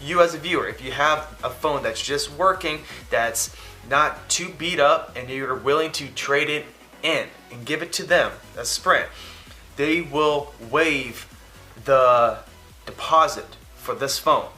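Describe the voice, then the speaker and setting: A man's voice: on the high side, a little slow, bright, forceful tone, soft background music. A man casually telling a rambling story to camera, often acting out the phone conversation he describes. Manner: rambling, quotes phone dialogue. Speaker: vlogger.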